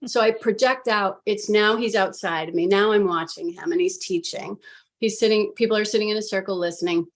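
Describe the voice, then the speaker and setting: A woman's voice: medium pitch, fairly quick. A woman recounting her own hypnosis session in casual, filler-heavy storytelling on a video call, acting out what she said. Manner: animated, filler-heavy retelling with acted quotes of herself. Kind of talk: casual storytelling on a live panel.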